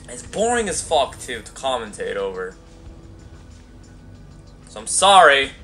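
A man's voice: mid-range voice, very animated, slow pace, long pauses, bright, forceful tone, soft background music. A young man giving rambling, crude, profanity-heavy commentary over a video game playthrough. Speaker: gameplay commentator. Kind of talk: let's play commentary.

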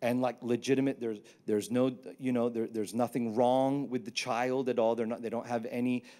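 A man, preaching a sermon with animated, humorous storytelling. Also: medium pitch, moderate pace. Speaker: pastor.

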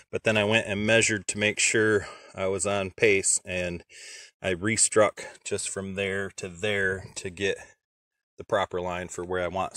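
A deep-voiced man with a fairly bright tone and no room sound describes his sawmill work at an outdoor log pile. He's a homesteader giving casual how-to narration, thinking aloud and using lots of fillers.

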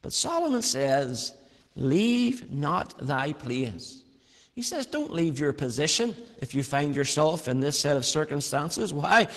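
Male preacher, high voice, earnest storyteller, long hall reverb. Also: big pitch swings, normal speed, hardly any pauses, a bit bright. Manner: earnest, storytelling, varied emphasis. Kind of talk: sermon with personal story.

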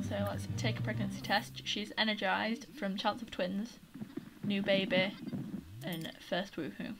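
A woman's voice: medium pitch, fairly even intonation, unhurried. A woman commentating a life-simulation game, chatty and flustered, scolding her game characters. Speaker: gaming YouTuber. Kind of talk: casual let's-play commentary. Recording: background noise.

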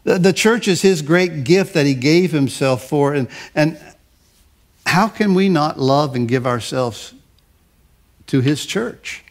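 An older pastor preaches conversationally in a voice on the high side. He often repeats and restarts his words, slowing down to stress lists of phrases.

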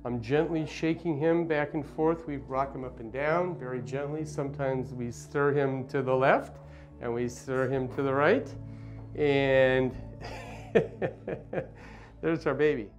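A man working as a pediatrician, giving a calm, gentle, step-by-step demonstration in a clinic consultation room. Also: on the high side. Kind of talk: instructional demonstration.

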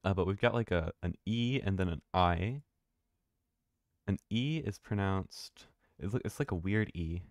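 Male streamer, low voice, dry close mic, rambling commentary. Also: measured pace, a little mellow, dry recording. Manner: rambling, thinking aloud, swears casually. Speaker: game streamer. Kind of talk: casual live-stream commentary.

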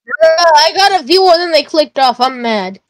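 Very high, animated woman gamer. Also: no room sound. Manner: quick to protest, chatty. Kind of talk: casual gaming chat.

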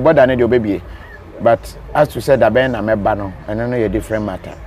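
A man's voice: on the low side, dark tone, slight background noise. A man with a Ghanaian accent hosting a live stream, reading viewer comments and joking, switching between Twi and English. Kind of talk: casual chat.

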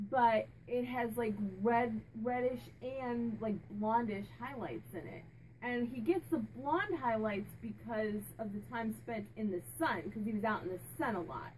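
A woman with a slightly high voice talks casually on her own channel. She meanders through her thoughts, asking questions aloud and then echoing the answers she says she hears. A faint hiss sits under her voice. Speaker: psychic medium and channel host. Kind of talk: casual chat relaying a spirit's answers.

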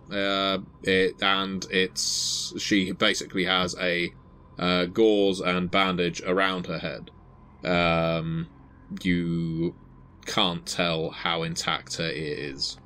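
A man narrating a tabletop horror game as game master, in a deliberate, atmospheric way. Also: low-pitched, flat delivery, bright, forceful tone, a little hiss or hum.

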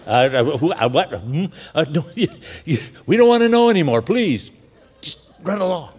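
A man's voice: on the high side, very animated, normal speed, darkish tone, husky, voice pushed up. A man doing a stammering flustered villager. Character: flustered male villager brushing someone off.

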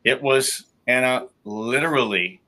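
A man's voice: mid-range voice, measured pace, sharp tone. A man who is a guest in a faith interview, telling his personal testimony in a heartfelt way. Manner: heartfelt storytelling.

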